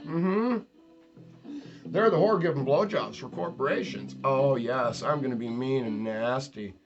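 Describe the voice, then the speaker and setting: A man hosting his own show in a rambling, provocative solo monologue, mocking himself, drawing out words and jumping suddenly in loudness. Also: mid-range voice, a little slow. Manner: provocative, ranting, self-mocking. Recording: lo-fi recording with guitar music behind. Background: plucked guitar music.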